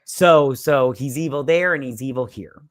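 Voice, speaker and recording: A man's voice: mid-range voice, normal speed, no room sound, studio quality. A man casually recapping a movie plot, rambling and profane and tacking on "and everything.". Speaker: podcast guest reviewer.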